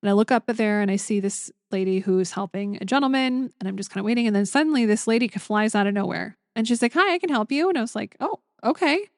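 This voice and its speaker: A young adult woman hosting a spiritual podcast, talking gently and earnestly with lots of fillers as she tells stories. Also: medium pitch, fast, hardly any pauses, no echo, clean studio sound. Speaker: podcast host. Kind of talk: casual spiritual podcast monologue.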